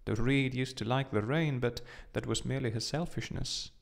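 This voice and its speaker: A man's voice: medium pitch, moderate pace, gravelly, lightly acted. A man doing a fussy little swallow. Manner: prim, talks to the point. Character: small fussy chatty male swallow. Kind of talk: audiobook reading.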